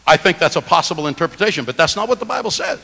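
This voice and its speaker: A man preaching a sermon to fellow preachers, emphatic, stressing words and swinging between soft asides and loud points. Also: sits high, very fast, creaky. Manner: animated, emphatic, shifts loudness and stress. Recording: long hall reverb.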